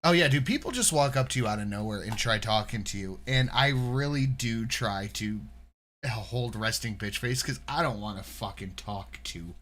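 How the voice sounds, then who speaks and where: Animated, profane man telling stories. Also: lowish voice, normal speed. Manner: animated, profane, acts out quoted voices. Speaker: podcast co-host reacting to videos. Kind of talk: casual chat, storytelling.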